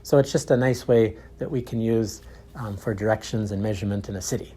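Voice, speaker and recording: A man teaching English, with clear, deliberate repeat-after-me drills. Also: fairly low pitch, warm tone. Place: outdoors in a park.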